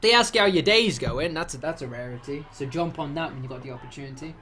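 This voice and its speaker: A man's voice: a little high, quick pace, bright, forceful tone. Sweary young Englishman with an English accent. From England. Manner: swearing, mimicking voices, laughing at his own jokes. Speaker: game master host. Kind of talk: casual banter between game sessions.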